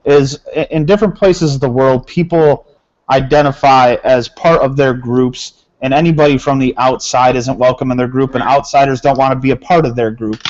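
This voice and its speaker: A man lays out his view in an even, deliberate way, pausing on fillers as he thinks. His voice sits in a middle range. The recording sounds dull and lo-fi. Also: medium pitch. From United States. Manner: measured, thoughtful, with fillers. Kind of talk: casual political discussion. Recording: muffled lo-fi recording.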